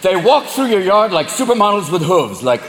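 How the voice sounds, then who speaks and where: A man doing crude, animated stand-up comedy on a live stage. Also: sits high, normal speed, heavy background noise. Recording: live hall echo, loud crowd.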